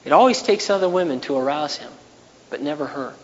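A man preaching a sermon in an earnest way, now and then rising into loud, raised passages. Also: on the high side, animated, brisk, in a large hall, highs cut off. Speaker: pastor.

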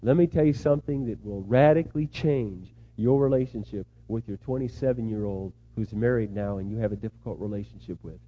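A middle-aged man preaching a sermon, moving between hushed, tender asides and loud, impassioned pleas. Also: fairly low pitch, a little fast, few pauses, lo-fi sound. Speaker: pastor.

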